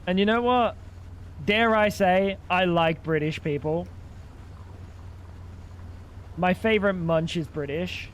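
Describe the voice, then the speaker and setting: A young man with a fairly high voice, chatting loosely while he plays a game on a livestream. He jokes, teases, and riffs back at his viewers in a relaxed, casual way. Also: takes it slowly, long pauses, a little hiss or hum. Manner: joking, chatty, talks back to chat. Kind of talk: casual gaming stream chat.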